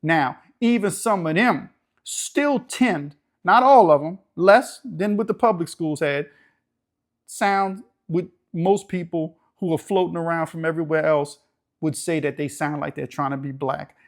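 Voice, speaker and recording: A man's voice: fairly high pitch, measured pace. A man from the New Orleans area with a local accent, hosting a casual, blunt, streetwise monologue. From New Orleans area, Louisiana. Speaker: YouTube channel host.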